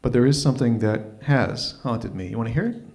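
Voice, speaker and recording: A man from Toronto, telling a story live at an open mic in a wry, animated, self-mocking way. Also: mid-range voice, a little fast, creaky. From Toronto, Canada.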